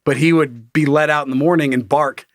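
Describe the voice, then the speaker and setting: A man co-hosting a podcast, telling profane stories with lots of energy and bursting into shouted mock voices. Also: fairly high pitch, fairly even intonation, a little fast, no echo, clean studio sound. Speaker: podcast co-host. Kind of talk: casual comedic chat.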